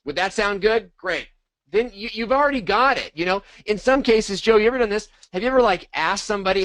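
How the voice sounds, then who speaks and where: Brief: middle-aged man, high voice, dry close sound, animated coaching. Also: a little fast, dry recording, low-quality recording. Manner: animated, acts out sample dialogue. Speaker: co-host of a marketing training. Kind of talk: casual coaching talk.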